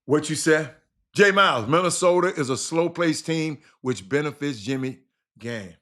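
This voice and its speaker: Animated high-voiced man riffing on hoops. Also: moderate pace. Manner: animated, teasing chat readers, repeats phrases. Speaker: livestream host. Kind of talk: casual basketball talk on a livestream.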